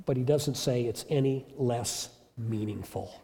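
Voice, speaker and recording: A man's voice: mid-range voice, unhurried, creaky, warm tone, in a large hall. A male pastor preaching a sermon in an emphatic storytelling manner with rhetorical questions.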